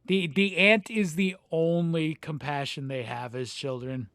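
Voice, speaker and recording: A man co-hosting a podcast who chats casually about a film, sharing trivia and tossing in quick agreements. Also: fairly high pitch, fairly even intonation, fairly bright tone, no room sound, studio quality. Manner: chatty, shares trivia, repeats short agreements. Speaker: podcast co-host.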